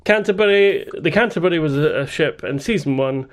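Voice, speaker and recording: A man hosting a relaxed chat between friends. His voice sits a little higher than most men's, and he rambles, jokes and trips over his own restarts. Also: brisk. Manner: rambling, joking, hesitant with many restarts and laughs. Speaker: podcast host. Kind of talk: casual chat.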